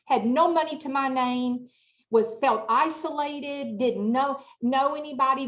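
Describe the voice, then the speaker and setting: A middle-aged woman giving an interactive online workshop, chatty and expressive, asking the audience lots of rhetorical questions over a video call. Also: high-pitched, highs cut off. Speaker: workshop presenter.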